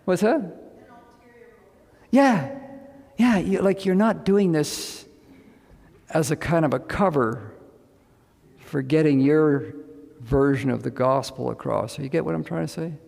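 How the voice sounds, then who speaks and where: A man's voice: a little high, takes it slowly, gravelly, pauses often, darkish tone, in a large hall. A man speaking as a medical missionary, giving a casual, folksy talk to a group in a room. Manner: chatty, folksy, often asks "you know what I mean". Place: indoor gathering with a live audience.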